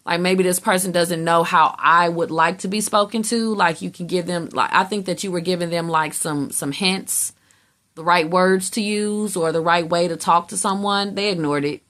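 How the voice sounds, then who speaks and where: A woman's voice: on the low side, steady tone, moderate pace, fairly bright tone. Blunt, profane woman reading tarot. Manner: blunt, profane and emphatic, acts out people's reactions. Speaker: tarot reader.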